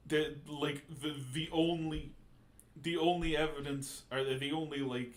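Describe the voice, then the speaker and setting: A man's voice: on the high side, little pitch movement, slow, pauses often. A man chatting casually while playing a video game on stream, rambling with restarts, laughing and swearing. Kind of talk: casual gaming chat.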